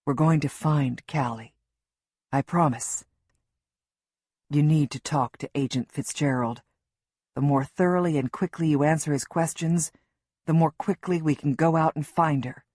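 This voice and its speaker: A woman's voice: deep voice, steady tone, unhurried, pauses often, slightly rough, no echo, clean studio sound. A woman narrator voicing a male police officer who speaks firmly and reassuringly. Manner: firm, reassuring, quietly urgent. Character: tense, steady male police officer, family friend.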